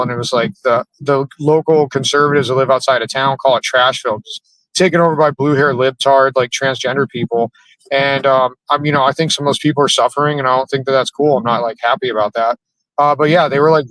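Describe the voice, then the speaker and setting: A comedian guest telling a long casual story, rambling with constant "like" fillers. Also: male voice, mid-range voice, fairly bright tone, no room sound, poor audio.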